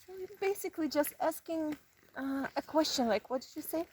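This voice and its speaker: A woman's voice: high voice, fairly quick, background noise. A woman with a non-native English accent chatting casually and explaining with amusement. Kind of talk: casual chat. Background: birds calling.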